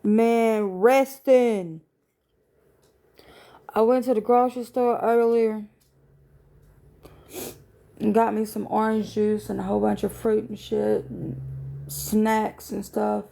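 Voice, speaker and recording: A woman's voice: mid-range voice, flat delivery, takes it slowly, gravelly, long pauses, warm tone. A woman hosting a casual live stream from home at night, sleepy and yawning, greeting viewers in a laid-back, profane way. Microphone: phone.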